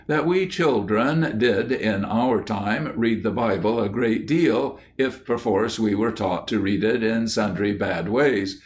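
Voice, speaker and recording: A man reading lectures aloud as an audiobook narrator, in a measured, unhurried way. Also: lowish voice.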